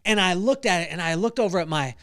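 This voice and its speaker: A middle-aged man hosting a devotional podcast, telling a personal story with animated delivery and acted-out voices. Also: high-pitched, fast talker. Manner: animated, acts out voices in stories. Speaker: podcast host.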